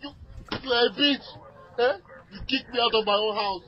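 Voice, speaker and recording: A man's voice: extremely high pitch, brisk. A man with a Nigerian accent, furious and repeating himself on an emergency call. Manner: agitated, shouting, repeating himself. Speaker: caller. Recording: muffled archival emergency call audio.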